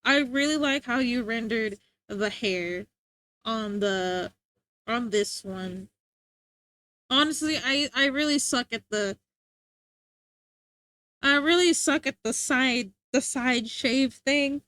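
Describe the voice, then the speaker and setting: A young woman streaming live, chatting casually with viewers, giggly, excitable and rambling. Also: on the high side, slow pace, pauses often, smooth, dry recording.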